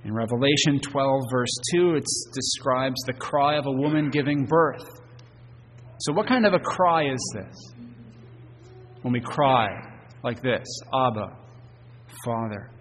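A man's voice: medium pitch, a little slow, slight background noise. Earnest male preacher in a reverberant hall. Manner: earnest preaching, rising to emphatic stresses and dropping soft at phrase ends. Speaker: pastor. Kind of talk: sermon. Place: church sanctuary.

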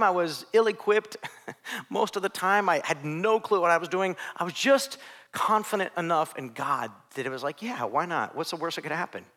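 Preaching a sermon, a thirties-aged youth pastor from Ohio uses a voice that sits high, performing different voices and moving dramatically between soft and loud.

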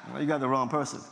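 A man's voice: medium pitch, gravelly, a bit bright, slight background noise. A middle-aged man, a pastor telling his story, acting out the dialogue and laughing at himself. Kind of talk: storytelling testimony talk. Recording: long hall reverb from a large venue.

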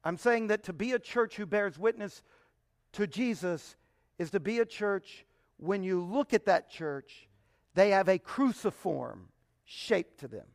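A man's voice: high-pitched, lively intonation, a little slow, no room sound, studio quality. A man giving an emphatic Bible teaching, often posing rhetorical questions to his listeners.

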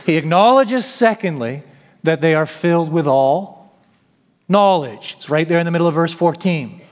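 A man's voice: fairly high pitch, animated, normal speed, in a large hall. A man preaching an expository sermon, emphatic, sometimes paraphrasing the apostle in the first person.

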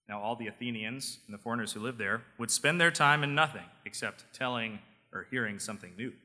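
Pastor guy preaching, reads scripture then chats with lots of uh, really bright voice, long hall echo. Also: mid-range voice, fairly quick, few pauses. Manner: steady scripture reading, then relaxed storytelling with fillers. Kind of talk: sermon with scripture reading.

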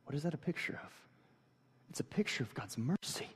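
A man preaching a sermon as pastor, shifting between quiet scripture reading and loud, emphatic passages, conversational with fillers and restarts. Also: fairly high pitch, very animated, a little fast, breathy edge. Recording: long hall reverb.

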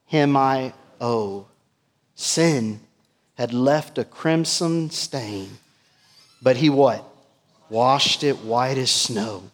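A middle-aged man preaching a sermon as pastor, swinging from emphatic peaks to hushed lines and asking the congregation questions. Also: medium pitch, extremely slow, long pauses, big-room sound. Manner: rises to emphatic peaks and drops to hushed asides, asks the church questions.

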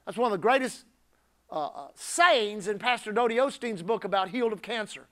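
A male pastor preaching a sermon emphatically, building up to shouted climaxes. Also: sits high, expressive, brisk.

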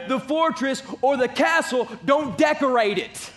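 A man's voice: very high voice, unhurried, fairly bright tone. A man preaching a sermon as pastor, emphatic and repeating his key phrases.

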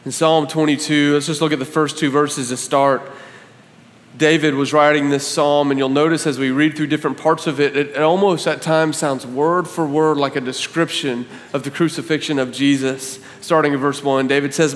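A man delivering a sermon in a fairly high voice, reading scripture with growing passion. His words ring out with a long reverb, as if recorded in a large church hall. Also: steady tone, moderate pace. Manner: impassioned, rising to near shouts when reading scripture. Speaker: pastor.

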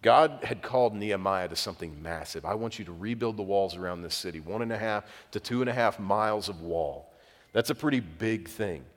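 A man's voice: fairly low pitch, a little fast. A man preaching a sermon as pastor, telling conversational, self-deprecating stories. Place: church sanctuary. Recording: long reverb of a church hall.

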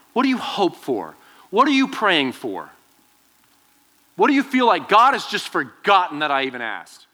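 Young guy pastor preaching to students, bright voice, pitch bouncing all over. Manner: animated storytelling, acts out quoted voices. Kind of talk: youth sermon with personal story.

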